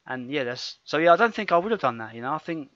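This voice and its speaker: A man's voice: a little high, big pitch swings, quick pace, a bit bright, no echo. Rambling, laughing man, dry lo-fi sound. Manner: rambling, self-correcting, laughs often. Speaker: podcast co-host. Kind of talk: casual podcast chat. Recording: dull lo-fi sound.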